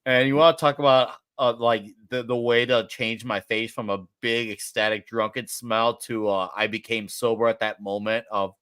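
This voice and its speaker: A man's voice: lowish voice, steady tone, moderate pace, fairly bright tone, clear, resonant tone, no room sound. A man chatting casually on a podcast, rambling through a story with lots of fillers. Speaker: podcast co-host. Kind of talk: casual chat.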